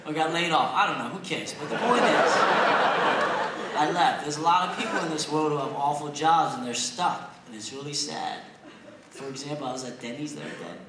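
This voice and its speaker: A man in young adulthood doing a brash stand-up comedy set with deadpan punchlines, on a large theater stage. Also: on the high side, a little fast, heavy background noise. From Pennsylvania, USA. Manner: brash, deadpan punchlines, shouts in put-on quotes. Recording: echoey theater taped from far off, loud crowd laughter.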